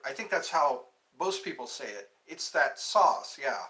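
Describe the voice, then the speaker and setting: A man's voice: fairly high pitch, big pitch swings, normal speed, sharp tone, rough recording. A man hosting a casual live stream, chatting in a rambling, self-interrupting way. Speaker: livestream host.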